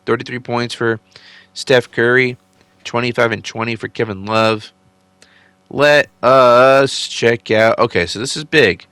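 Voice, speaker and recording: A man's voice: mid-range voice, steady tone, moderate pace, pushed and bright, no room sound. A man casually commentating on a simulated basketball season, chatty and offhand, a little tired from a late night. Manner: chatty, offhand, enthusiastic asides. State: tired, yawning. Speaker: channel host narrating a simulated game season.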